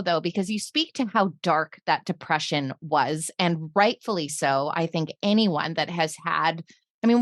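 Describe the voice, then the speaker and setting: A woman's voice: on the low side, a bit bright, no echo, studio quality. A woman podcast host asking long, thoughtful, affirming questions in a flowing way. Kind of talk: interview questions, reflective.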